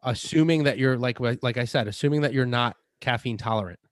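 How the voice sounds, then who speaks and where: Co-hosting a fitness chat, a man with a mid-range voice explains supplement advice at a fairly quick clip, often restarting and repeating himself. The recording is close and dry, with no room sound.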